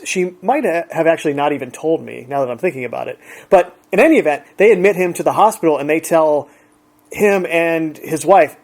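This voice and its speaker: A man's voice: on the high side, darkish tone. A man relaxedly retelling an everyday encounter in a chatty, conversational way. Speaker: storyteller. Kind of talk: casual anecdote.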